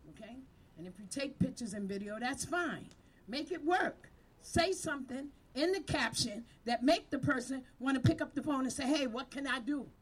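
A woman's voice: high-pitched, lively intonation, normal speed, husky. Fired-up woman preaching to her team. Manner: fiery, preaching, call-and-response. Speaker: community violence-prevention leader. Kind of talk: impassioned speech to a team. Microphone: handheld microphone.

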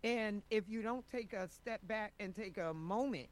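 A woman's voice: mid-range voice, normal speed. A woman co-hosting an interview, chatty and upbeat as she asks her guest questions. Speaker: co-host. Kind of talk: casual interview talk.

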